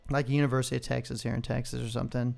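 A man's voice: mid-range voice, flat delivery, racing, creaky, a little mellow. A man co-hosting a podcast, reeling off numbers in an emphatic, profane way. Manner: emphatic, profane, reciting figures. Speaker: podcast co-host. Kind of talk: casual chat.

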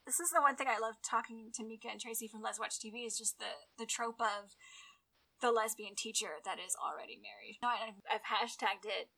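A woman hosting a podcast in casual chat, chatty and animated, laughing often. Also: on the high side, a little fast, vocal fry, poor audio. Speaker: podcast host.

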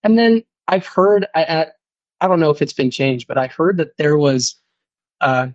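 A man's voice: on the high side, animated, normal speed, no room sound, highs cut off. A man from Utah, a guest on a podcast, chatting in a hesitant, self-deprecating way. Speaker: guest caller. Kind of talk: casual podcast chat.

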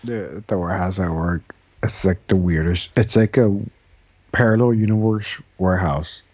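A man chatting casually on a podcast, halting and repeating words, swearing now and then. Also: low-pitched, darkish tone, breathy edge, no room sound, muffled recording. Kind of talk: casual chat.

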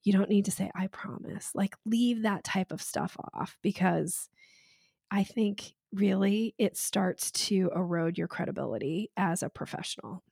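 A woman sales coach speaks in a frank, emphatic way on a podcast, with a slight gravelly fry at the ends of her phrases. The sound is close and dry, with no room around it. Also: medium pitch, unhurried, a little mellow, no echo. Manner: emphatic, frank, laughs between points. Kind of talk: casual podcast conversation.

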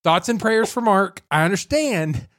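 A male podcast host telling a story in a casual way, animated, laughing and making joking asides. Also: sits high, a little slow, no echo, studio quality.

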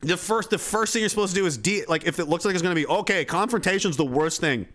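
A man talking casually, profanely and excitedly, full of "like" and restarts. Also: sits high, fast talker. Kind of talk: casual rant.

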